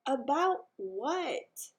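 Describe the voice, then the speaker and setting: A woman's voice: high-pitched, big pitch swings, very slow, pitched above the performer's own voice, heavily acted. A woman voicing a sulky, indignant schoolboy who is the older brother.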